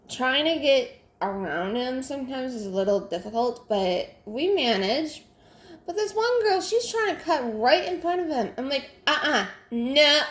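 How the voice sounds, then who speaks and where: A young adult woman, venting in casual chat while she works on a craft, exasperated and full of fillers and restarts. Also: high-pitched. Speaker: crafting vlogger. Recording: roomy echo.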